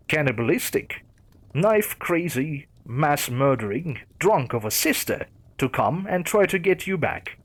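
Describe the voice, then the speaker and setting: A gloating, sing-song female killer, put on by a man in a storybook horror reading. The voice rides high and swoops with lively taunts over a husky grain. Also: full character voice.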